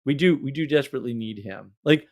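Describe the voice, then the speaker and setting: A man hosting a casual livestream, talking in an animated, exasperated, rambling way with frequent laughs. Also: mid-range voice, quick pace. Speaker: livestream host.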